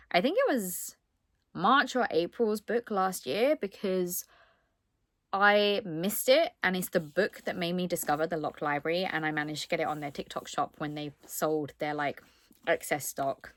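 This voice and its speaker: A woman chatting excitedly through a book unboxing, with lots of ums and asides. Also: fairly low pitch, dry recording. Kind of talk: casual unboxing chat.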